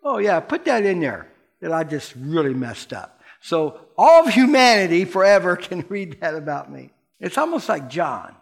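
A man preaching a sermon in a lively, playful way, asking the congregation questions and acting out the voices in the story. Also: high voice, moderate pace, creaky. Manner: animated, playful preaching that asks the congregation questions and acts out quotes. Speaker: pastor.

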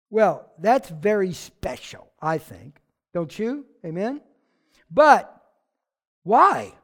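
Chatty american preacher mid sermon, jokey asides, talks like to friends. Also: medium pitch. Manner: conversational and animated, with jokes and asides. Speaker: pastor.

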